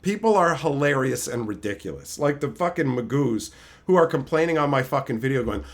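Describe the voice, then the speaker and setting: Profane, lively streamer man. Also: mid-range voice, fairly quick. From Canada. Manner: profane, mocking, laughing. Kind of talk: casual live-stream rant.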